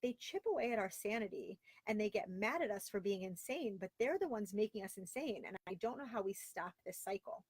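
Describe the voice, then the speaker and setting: A woman in her thirties from Florida, by way of Long Island, hosts a casual live video show from her home closet. Her medium-pitched voice is expressive, a little fast and breathy, with hardly any pauses and no echo. She reads out viewer comments and talks candidly, exasperated and chatty, saying "like" a lot.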